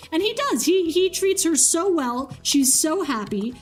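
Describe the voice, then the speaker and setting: A woman streamer casually retelling a myth, animated and swearing freely. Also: high voice, moderate pace, few pauses, faint music behind. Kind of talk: casual storytelling.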